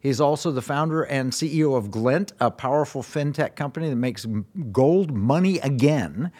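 A man's voice: medium pitch, animated, moderate pace, darkish tone. A man hosting a radio talk show, speaking with enthusiasm as he reads quotes aloud and introduces his guest.

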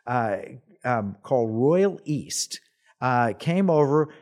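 A man hosting a faith talk show, telling a personal story in an animated way and acting out the people in it. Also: medium pitch, slow. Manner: animated storyteller, acts out quoted voices. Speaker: host. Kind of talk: casual storytelling chat.

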